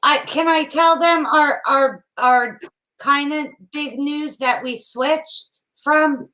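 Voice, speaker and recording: A woman's voice: high voice, takes it slowly, pushed and bright, poor audio. A woman co-hosting a casual chat show, easygoing and teasing. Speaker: podcast co-host.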